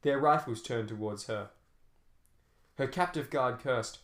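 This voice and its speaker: A man's voice: medium pitch, normal speed, fairly bright tone. Man narrating an action audiobook. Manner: dramatic action storytelling with shifting pace. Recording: roomy echo.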